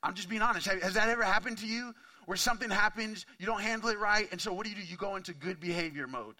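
A man in his thirties, a pastor giving a candid, conversational sermon full of asides, swinging from quiet to loud and intense. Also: sits high, fast.

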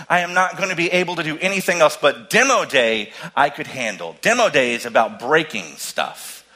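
Animated preacher with a bright voice. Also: male voice, medium pitch, rough recording. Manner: animated storytelling, swings from loud emphasis to hushed tones. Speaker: pastor. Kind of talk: sermon.

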